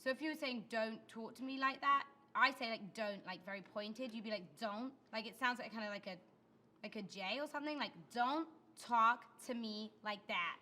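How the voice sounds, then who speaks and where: A woman's voice: on the high side, normal speed, sharp tone. A woman with a British accent talking in an interview, chatty and full of "like". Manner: chatty, lots of "like". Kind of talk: interview talk.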